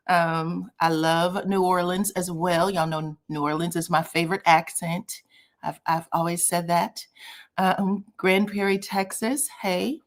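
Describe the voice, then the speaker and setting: A chatty woman hosts a live stream from her home, calling out viewers and their cities in a loose, friendly way. Her voice sits a little low for a woman. She talks off the cuff, with plenty of fillers and asides to her chat. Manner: greets viewers by name and city, chatty and lively. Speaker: livestream host. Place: a cold room at home.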